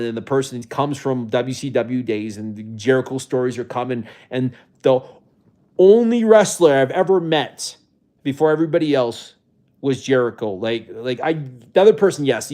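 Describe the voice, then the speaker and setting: A man with a mid-range, somewhat dark voice livestreams from a rental home. He chats casually and rambles to his viewers, frequently restarting sentences and sometimes growing emotional.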